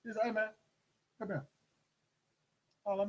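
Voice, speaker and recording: A middle-aged man telling a story in casual chat, animated and acting out the voices of the people in it. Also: high voice, normal speed, rough recording. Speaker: host.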